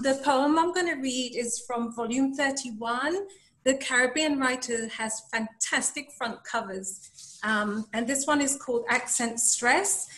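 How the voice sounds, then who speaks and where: A woman from Dominica with an English accent, reading her poem on a video call, brisk in talk and measured in recital. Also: on the high side, fairly bright tone. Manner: quick, slowing to a measured recital. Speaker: poet. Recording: roomy echo.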